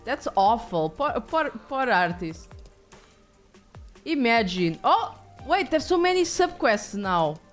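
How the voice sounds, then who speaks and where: A woman's voice: on the high side, very animated, slow pace, soft background music. A woman streaming a video game, chatting casually with viewers, rambling and swearing offhand.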